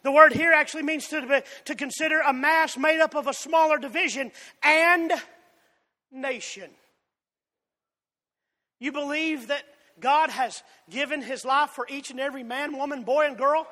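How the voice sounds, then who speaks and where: A man with a Southern drawl from Georgia, preaching a fiery sermon that swings between loud shouts and soft asides. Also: extremely high pitch, normal speed. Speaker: pastor. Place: church sanctuary. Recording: long hall reverb.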